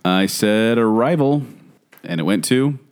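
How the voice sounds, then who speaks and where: A man with a fairly low voice chats casually as a podcast co-host. His pitch swings widely and he sounds animated. He laughs often as he talks. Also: a little slow, smooth. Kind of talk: casual chat.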